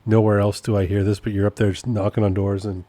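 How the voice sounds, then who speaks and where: A man's voice: on the low side, little pitch movement, quick pace, mellow, no room sound. A man hosting a casual solo podcast update, rambling and amused at himself, often repeating his points. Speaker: podcast host and process server.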